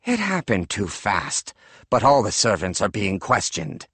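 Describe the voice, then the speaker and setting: A cold, slow-talking enemy commander with a low voice, as a male audiobook narrator puts him on. He is menacing and talks with a lively swing in pitch. The reading is dry and close. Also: slightly rough, no room sound, heavily acted.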